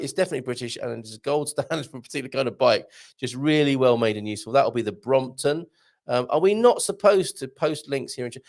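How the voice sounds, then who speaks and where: In a casual live-stream chat, a male morning show host jokes around while reading viewer comments. He speaks at medium pitch with vocal fry.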